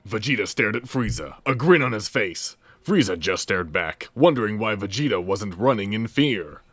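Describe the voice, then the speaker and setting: A man narrating a comedic fan-fiction reading as podcast host, in a wry, deadpan manner. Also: lowish voice, normal speed, no echo.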